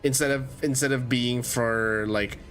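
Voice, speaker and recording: A man's voice: medium pitch, steady tone, unhurried, a bit bright. Young man, game streamer, casual rambling talk, faint background music. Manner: rambling, self-correcting, chatty. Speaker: VTuber streamer.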